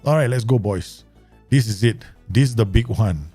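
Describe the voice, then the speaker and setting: A man with a Southeast Asian English accent commentating live on his management game, chatty and quick to laugh as he talks to his viewers. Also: on the low side, warm tone, husky, soft background music. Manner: chatty, laughs easily, talks to himself and chat. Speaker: game streamer.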